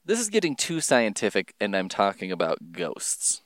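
A man rambling casually in a solo podcast monologue, swearing and jumping his pitch for emphasis. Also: wildly swooping pitch, normal speed, fairly bright tone, dry recording, clean studio sound.

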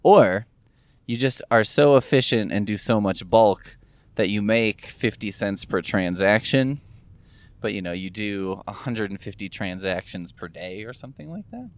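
A man's voice: fairly low pitch, lively intonation, unhurried. A man talking casually to camera in a rambling, musing monologue, sore from recent gum surgery, swearing offhandedly as he thinks aloud. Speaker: vlogger. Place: in a car.

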